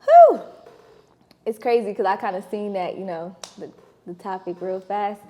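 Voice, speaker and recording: A woman's voice: medium pitch, lively intonation, normal speed, dark tone. A woman co-hosting a podcast, chatting candidly in slangy casual speech and laughing through her stories. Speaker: podcast co-host. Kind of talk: casual chat.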